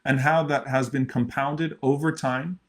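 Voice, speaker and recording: A man's voice: mid-range voice, steady tone, unhurried. Earnest man giving an online sermon. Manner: earnest, repeats key phrases for emphasis; recites Arabic verses then translates them. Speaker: imam giving a khutbah. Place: virtual khutbah recording.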